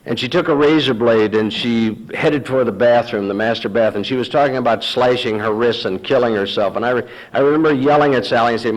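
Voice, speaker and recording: A man's voice: on the low side, fast talker, few pauses, low-quality recording. A man speaking at a recovery meeting, telling his own story and acting out past arguments in a storytelling manner. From Texas. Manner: storytelling, acts out dialogue with sarcasm. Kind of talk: personal testimony talk.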